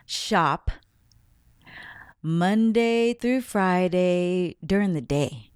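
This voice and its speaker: A woman's voice: lowish voice, drawn-out words, long pauses, darkish tone, clear, resonant tone, dry recording, clean studio sound. A woman telling a personal story in a casual monologue, acting out overheard quotes, sometimes in a whisper. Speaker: spiritual vlogger.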